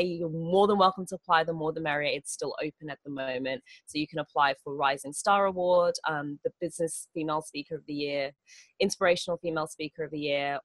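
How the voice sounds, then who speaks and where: A woman from the Turks and Caicos Islands, an event organizer, chats casually as an interview guest in a low voice with no echo. Her accent is a mixed international one, partly American and partly Australian, and she is bubbly, theatrical, and laughs often.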